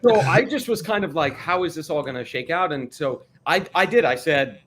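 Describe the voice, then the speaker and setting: An American man telling stories in a casual livestream chat, laughing often and talking with lively energy. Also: mid-range voice, normal speed, a little hiss or hum. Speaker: cast member on a livestream.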